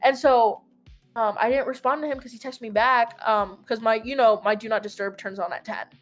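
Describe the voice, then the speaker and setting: A woman's voice: a little high, steady tone, fairly quick, soft background music. A young adult woman telling a long story in casual chat, rambling and peppered with "like". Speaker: host.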